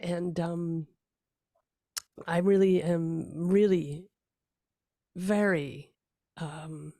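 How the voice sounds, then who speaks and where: A woman podcast host with a lowish voice and some vocal fry, recorded dry and close. She affirms her guest and talks in a loose way, full of fillers and restarts. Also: steady tone, extremely slow, no room sound. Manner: warm, affirming, with many fillers. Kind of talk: casual interview.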